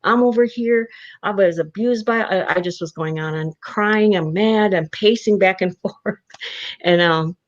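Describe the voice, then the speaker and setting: A woman speaks in a fairly low voice, emotional and animated as she recounts her past and acts out what she once said. She is an interview guest on a video call, and the audio is dull and lo-fi. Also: measured pace. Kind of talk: personal storytelling in a live online interview.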